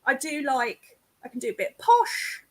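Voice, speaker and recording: Lively high-voiced woman. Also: moderate pace. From England. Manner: chatty, laughs often, self-deprecating. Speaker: guest psychic medium. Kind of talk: casual chat over a video call. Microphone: video call.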